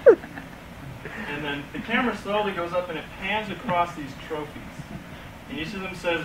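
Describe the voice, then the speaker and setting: A young man, an animation student, enthusiastically pitching a film story to a class and acting out its scenes, recorded from far off in an echoey, noisy classroom. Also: expressive, unhurried, pauses often. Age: young adult. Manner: enthusiastic, laughing, acts out scenes.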